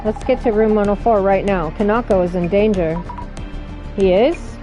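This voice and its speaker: A woman reads out a mystery game's dialogue, shifting her voice for each character. Her reading is dramatic. Game music plays clearly behind her. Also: mid-range voice, moderate pace, mellow. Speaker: let's play narrator reading all characters.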